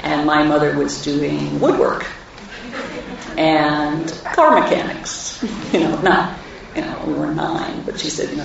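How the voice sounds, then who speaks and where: Low gravelly woman in an echoey hall. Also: fairly even intonation, unhurried. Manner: warm anecdotal, wry humor. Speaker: speaker at a live talk event. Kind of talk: personal storytelling to an audience. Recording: echoey hall, distant mic, dull sound.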